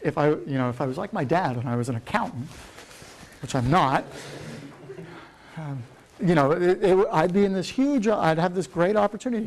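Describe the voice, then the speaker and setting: A middle-aged man giving a keynote, rambling with lots of fillers and the odd swear word. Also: high voice. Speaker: keynote speaker. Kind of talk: rambling conference talk.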